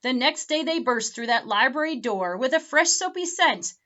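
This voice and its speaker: A woman librarian reading a picture book aloud for children at home, with animated, expressive storytelling. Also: high voice, normal speed, lo-fi sound.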